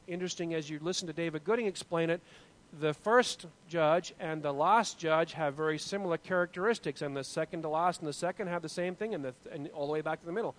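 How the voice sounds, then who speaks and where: Giving a casual Bible lesson, a man in his forties puts questions to his class and frequently starts his sentences over. His voice is high-pitched and the recording quality is low.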